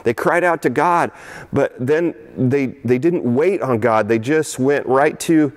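A middle-aged man preaching a sermon as pastor, animated and repetitive, sometimes acting out the voices of the people he talks about. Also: mid-range voice, measured pace. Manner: animated, repeats words, acts out voices of the people.

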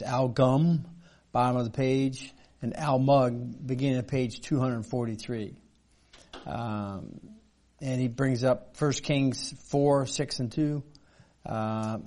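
A middle-aged man teaching a Bible study class, reading verses aloud and explaining them in a halting, unpolished way. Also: mid-range voice, darkish tone. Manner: halting, many fillers and restarts, reads verses aloud.

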